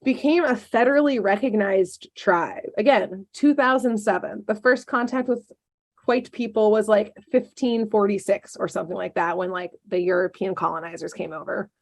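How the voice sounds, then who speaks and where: A woman co-hosting a podcast, telling a dark history story in a casual way, with sarcastic asides and lots of ums. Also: mid-range voice, steady tone, normal speed, gravelly.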